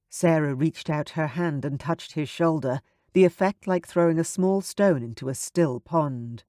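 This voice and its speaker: A man narrating a romance audiobook in an even, measured way. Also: a little high, dry recording, clean studio sound.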